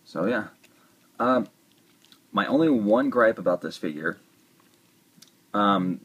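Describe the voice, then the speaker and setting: A man talks through a toy review in a loose, rambling way, tossing in joking asides. His voice sits low and has a husky grain. The delivery stays easygoing and conversational. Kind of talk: casual review talk.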